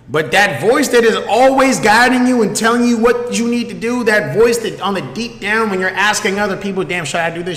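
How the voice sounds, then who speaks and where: A man's voice: high-pitched, sharp tone. A man hosting his own stream, telling a story casually and animatedly, swearing freely and often checking that the listener is following. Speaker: streamer host. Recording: echoey room with long reverb.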